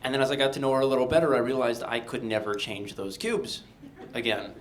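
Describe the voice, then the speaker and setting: Guy from delaware doing a live comedy story, wry, lively, middle pitched voice, faint rumble. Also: fast. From Delaware, USA. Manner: wry, animated, comic timing. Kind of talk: live personal storytelling for an audience.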